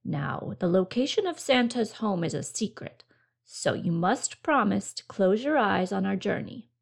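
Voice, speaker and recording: A man's voice: high voice, expressive, a little slow, creaky, heavily acted. A woman voicing a small, friendly male garden elf who cheerfully guides children, in a storybook reading.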